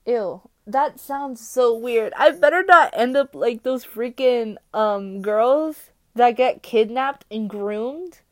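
Rambling, excitable woman podcaster. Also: on the high side, slow pace. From United States. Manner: rambling and excitable, jumping between topics with many fillers; swings between loud exclamations and quiet mumbling. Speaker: podcast host. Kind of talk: casual solo podcast chat.

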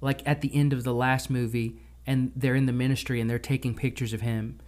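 A man co-hosting a casual film discussion podcast, chatty and retelling scenes with quick impressions. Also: medium pitch, flat delivery, a little mellow. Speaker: podcast co-host.

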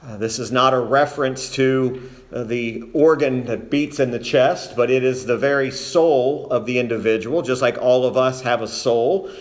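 A man preaching a sermon to a congregation, speaking deliberately and stressing key words one by one. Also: mid-range voice, fairly even intonation. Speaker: pastor.

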